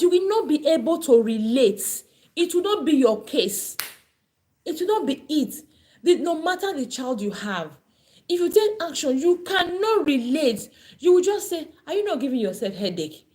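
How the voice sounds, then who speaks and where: A woman's voice: high-pitched, warm tone. A woman teaching a parenting class online, earnest and pleading, often repeating herself.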